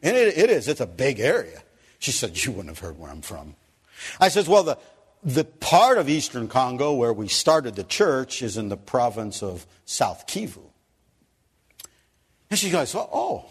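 A man preaching a sermon, telling a story with animated swings from loud emphasis to soft, quiet lines. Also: mid-range voice, unhurried, slightly rough.

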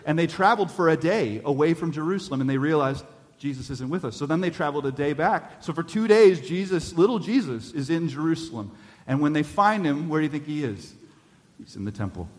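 A man's voice: on the high side, animated, a little fast, long reverb tail. A male pastor preaching a sermon in a church, earnest and building to urgent appeals.

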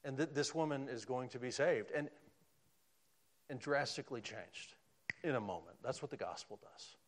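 A man preaching a sermon, swinging from loud emphatic lines down to hushed, almost whispered ones. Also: medium pitch, normal speed.

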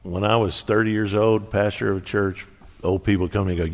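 A man in his sixties, a pastor preaching a sermon, telling stories with animated, folksy humor. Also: on the low side, a little fast. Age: 60s. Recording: long reverb of a large hall.

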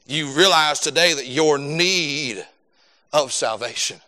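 High, bright-voiced preacher. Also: male voice, slow pace. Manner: dramatic swings from loud to hushed, preaching cadence. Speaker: pastor. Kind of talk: sermon.

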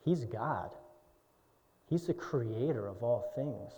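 A young adult man preaching a sermon as pastor, swinging from hushed, quiet passages to booming exclamations. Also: animated, slow, husky. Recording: dull echoey hall sound.

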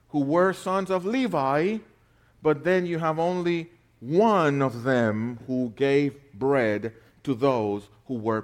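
Male preacher, mid pitch, very expressive intonation, loud emphatic peaks and hushed asides. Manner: animated, swinging between loud emphasis and quiet asides; rhetorical back-and-forth questions. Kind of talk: sermon.

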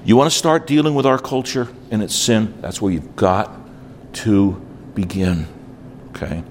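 An older man from New York preaching at a conference, animated, acting out little dialogues and dropping in asides. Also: lowish voice, unhurried, slight background noise. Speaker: conference speaker. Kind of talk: conference sermon.

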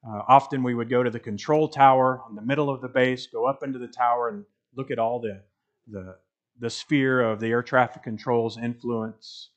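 A man's voice: medium pitch, fairly even intonation, highs cut off. Man preaching an emphatic sermon. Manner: emphatic preaching with rising intensity and measured repetition. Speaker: pastor.

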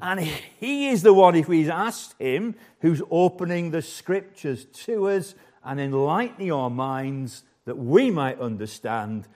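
A man's voice: a little high, animated, measured pace, few pauses, darkish tone. An older man preaching a sermon as the church's pastor, earnest and emphatic, repeating key phrases for weight.

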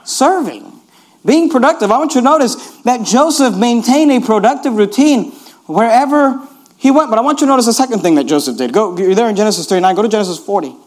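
Animated high-voiced male pastor preaching. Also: quick pace. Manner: animated and repetitive, keeps urging "notice". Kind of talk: sermon.

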